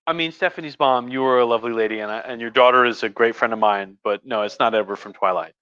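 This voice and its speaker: A man's voice: medium pitch, fast, pushed and bright, smooth. A man who is a history professor, tipsy on wine, telling history in a rambling, jokey way with many restarts on a livestream. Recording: slightly muffled livestream audio.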